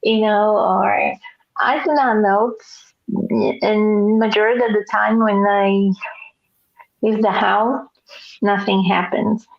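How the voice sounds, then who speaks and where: A woman in a casual chat, telling a personal story in an animated way, laughing often, over a video call. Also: mid-range voice, takes it slowly, vocal fry, long pauses. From Nebraska, US. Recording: dull lo-fi audio.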